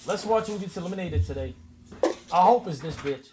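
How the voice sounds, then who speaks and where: A man's voice: sits high, animated, brisk, very noisy. A man streaming live, giving reaction commentary in heated, profane rants at viewers, with repeated oaths. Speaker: livestreamer.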